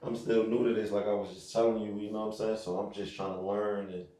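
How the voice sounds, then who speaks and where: A man's voice: on the low side, little pitch movement, quick pace, warm tone, echoey room, recorded from a distance. A man hosting a podcast in a casual interview chat, talking laid-back and slangy with lots of fillers. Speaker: podcast host.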